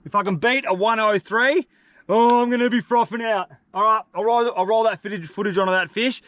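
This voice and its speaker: A young man with an Australian accent, vlogging his fishing trip outdoors in the bush, excitable and slangy. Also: high voice, a little fast. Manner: excitable, slangy, swears freely. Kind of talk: outdoor vlog talking to camera.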